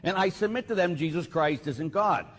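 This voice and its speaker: A man, a Catholic priest, giving a sermon with lively storytelling and acted-out voices. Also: on the high side, normal speed. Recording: hall reverb, faint ambience.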